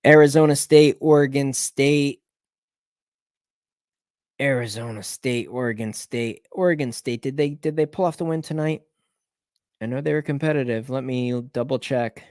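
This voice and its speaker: A man hosting a live betting picks stream, thinking aloud, repeating team names, correcting himself, swinging between low mutters and excited bursts. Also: normal speed, no echo, clean studio sound. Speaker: sports betting show host.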